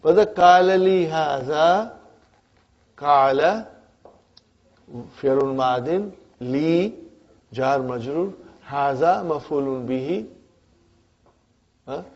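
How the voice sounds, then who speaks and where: A man's voice: a little high, normal speed, pauses often, darkish tone, dull audio. A man teaching an Arabic grammar class to adult students, often stopping to check in with "huh?" and "brothers and sisters". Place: community centre classroom.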